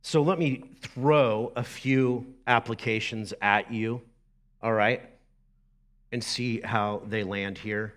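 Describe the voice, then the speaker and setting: A middle-aged man, a lead pastor preaching a sermon in a lively, conversational way with asides to the congregation. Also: mid-range voice, takes it slowly.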